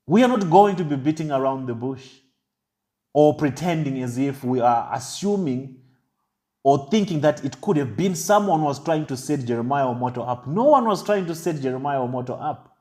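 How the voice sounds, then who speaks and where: A man giving an impassioned, deliberate commentary monologue. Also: medium pitch, warm tone. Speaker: online commentator.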